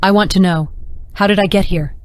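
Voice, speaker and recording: A woman's voice: mid-range voice, steady tone, a little fast, clean tone, dry recording, close to an everyday voice. A woman reading the part of a troubled young woman who questions her captor in an audiobook, in a searching, pleading way. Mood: questioning.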